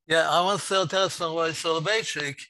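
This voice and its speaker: A man's voice: on the high side, steady tone, a little fast, sharp tone, dry recording. A man taking part in a class discussion, offering his point with some hesitation. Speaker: class participant.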